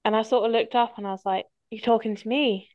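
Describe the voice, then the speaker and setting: A woman's voice: a little high, steady tone, fast talker, darkish tone, dry recording, dull audio. A woman hosting a podcast, telling stories in casual chat and swearing freely. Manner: chatty storyteller, swears casually. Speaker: podcast host.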